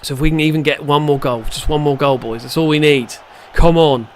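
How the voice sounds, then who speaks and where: Male let's-player, slightly high voice, reacts loudly to every play. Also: fairly quick, a little hiss or hum. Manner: excitable, shouts at the match, mutters in between. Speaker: gaming channel host. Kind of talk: live gameplay commentary.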